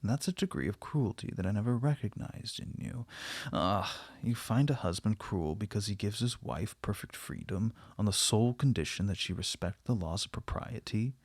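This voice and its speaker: A man's voice: lowish voice, lively intonation, normal speed, no echo. A man reading the part of a cold, stern middle-aged husband who speaks severely and with heavy emphasis. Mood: cold scorn. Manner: severe, emphatic, stammering when upset.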